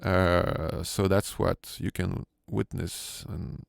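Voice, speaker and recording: A man's voice: low-pitched, flat delivery, slow, vocal fry, heavy background noise. A man with a French accent, a sound designer giving a hesitant, filler-heavy tutorial walkthrough from his home studio. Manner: hesitant, many fillers and restarts.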